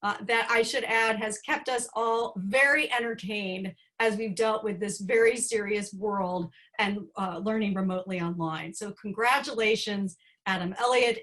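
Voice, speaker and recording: A woman's voice: mid-range voice, moderate pace, a bit bright. A woman presenting humorous student awards at an online graduation ceremony, with a dry, playful delivery.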